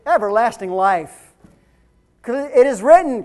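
High-voiced woman preaching. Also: very animated, normal speed. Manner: conversational preaching with rhetorical questions, rising to shouts. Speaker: pastor. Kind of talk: sermon.

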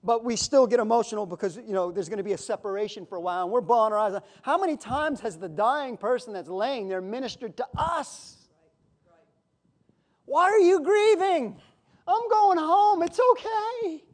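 A pastor preaching a sermon in a conversational, emotional way, with sudden loud outbursts. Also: male voice, sits high, expressive, fast, few pauses.

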